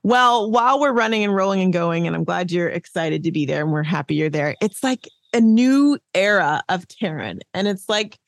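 A woman from Arizona hosting a podcast as a social media coach, talking in an upbeat, chatty, energetic way. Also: on the low side, normal speed, few pauses, no room sound, clean studio sound. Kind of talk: casual podcast chat.

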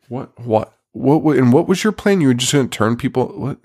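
A man's voice: medium pitch, lively intonation, moderate pace, breathy edge. A man hosting a podcast, recapping a movie plot in casual chat, rambling, laughing often and swearing freely. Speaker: podcast host.

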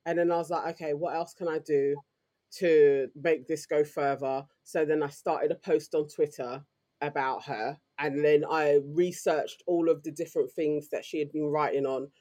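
A woman with a London accent, co-hosting a podcast and telling stories in a lively, slangy way. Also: low voice. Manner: animated, slangy storytelling. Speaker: podcast co-host. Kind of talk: casual chat.

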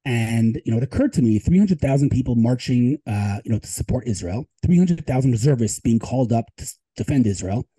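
A man in an interview, a tech advisor telling emphatic, animated stories. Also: mid-range voice, a little fast, hardly any pauses, husky, poor audio. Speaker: guest, tech advisor and Israel advocate. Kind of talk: storytelling interview talk.

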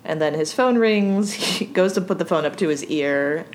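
Giggly low-voiced woman co-host. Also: animated, normal speed. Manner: giggly, easygoing. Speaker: podcast co-host. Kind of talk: casual recap chat.

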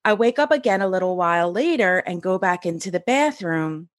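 A woman's voice: on the low side, a little fast, no echo. Woman guest telling a wild story, acts out every voice, dry close mic. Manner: lively, animated storyteller acting out quoted voices. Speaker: podcast guest. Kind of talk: storytelling in an interview.

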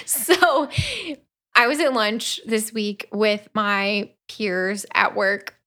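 A woman's voice: mid-range voice, steady tone, slow, pushed and bright. A woman co-hosting a podcast, retelling a novel's plot in casual chat and slipping into playful voices for the characters. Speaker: podcast co-host. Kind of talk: casual book-review chat.

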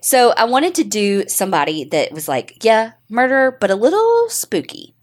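A woman's voice: a little high, sing-song, normal speed. A middle-aged woman co-hosting a podcast in casual chat, swearing freely and laughing often. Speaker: podcast co-host.

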